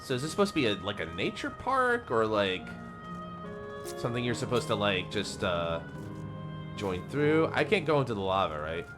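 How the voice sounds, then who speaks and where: A male game streamer who chats casually as he plays. His pitch swings up and down a lot while he rambles, and game music plays in the background. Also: big pitch swings, moderate pace. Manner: rambling, chatty, reads game lines aloud. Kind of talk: casual live-stream commentary.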